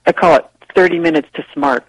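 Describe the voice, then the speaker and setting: A woman guest on a radio talk show, explaining ideas in a lively, chatty way and laughing easily. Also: sits low, fast, breathy edge, no room sound, low-quality recording. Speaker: guest, publishing executive. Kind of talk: casual radio interview.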